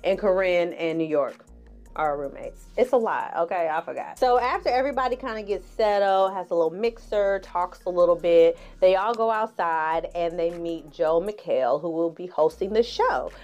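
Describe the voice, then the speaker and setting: A woman giving a casual, sassy recap as a vlogger, talking in an expressive, chatty way. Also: lowish voice, normal speed, highs cut off, faint music behind. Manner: sassy, expressive, laughs often, acts out quotes in exaggerated voices. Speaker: vlogger recapping a reality show.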